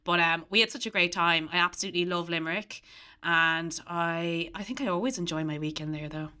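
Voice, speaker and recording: A woman's voice: on the low side, a little fast, clear, resonant tone. A young Irish woman co-hosting a podcast, a bit stuffed up from hay fever, telling stories in a chatty way with many fillers. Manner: chatty, animated storytelling with fillers. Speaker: podcast co-host. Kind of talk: casual chat.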